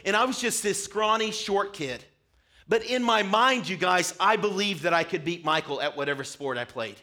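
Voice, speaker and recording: In a church sanctuary, a young man whose voice sits high preaches a sermon at a moderate pace. As pastor, he tells his stories animatedly and plays the part of himself as a child.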